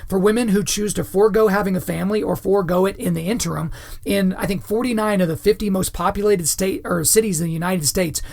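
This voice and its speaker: A man's voice: sits high, quick pace, gravelly, a little mellow. A man hosting a podcast, giving opinionated commentary in a lecturing way, often checking in with his listeners. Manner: lecturing, keeps checking in with "right?" and "okay?". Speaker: podcast host.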